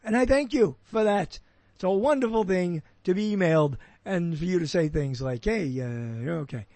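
A man's voice: sits high, normal speed, a little mellow, dry recording. An older man hosting an internet radio show, rambling and joking with lots of fillers and restarts. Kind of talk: casual radio show chat. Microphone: boom mic.

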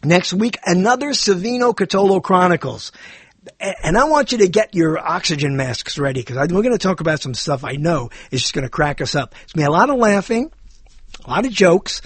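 High-voiced rambling male host. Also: lively intonation, fairly quick, slightly rough, no room sound. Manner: rambling, self-deprecating, jumps between topics. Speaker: talk show host. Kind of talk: rambling monologue.

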